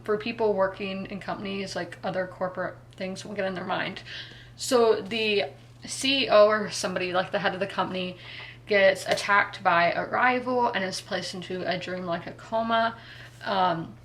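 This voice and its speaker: A woman's voice: mid-range voice, a bit bright, slight background noise. A woman, chatting casually about her reading in a rambling way, full of ums and likes. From South Carolina, US. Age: 20s. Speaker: book vlogger. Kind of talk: casual reading vlog chat.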